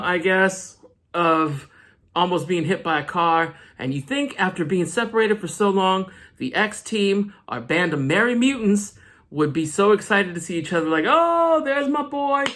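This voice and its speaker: A man's voice: high-pitched, a bit bright. A man recapping a comic book issue in a casual vlog, with joking, slangy asides.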